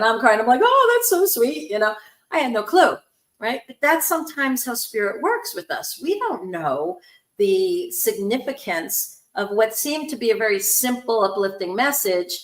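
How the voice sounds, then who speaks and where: Animated woman telling a story, roomy sound. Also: mid-range voice. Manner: animated storyteller, acts out quoted voices. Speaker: host, spiritual medium. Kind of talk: storytelling on a talk show.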